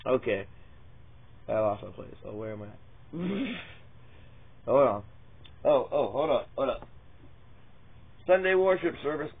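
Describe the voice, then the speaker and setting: A man's voice: mid-range voice, sing-song, takes it slowly, gravelly, pauses often, breathy edge. A man reading Bible verses in a profane, rambling parody sermon, often losing his place. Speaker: mock preacher. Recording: tinny lo-fi phone-like sound.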